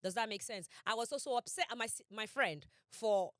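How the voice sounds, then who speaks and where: A young woman co-hosting a podcast, telling a personal story in casual chat, animated and emphatic, acting out quotes with big swings in her voice. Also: a little fast, dry recording, clean studio sound. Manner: animated, emphatic, quotes herself and others with dramatic pitch swings. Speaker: podcast co-host.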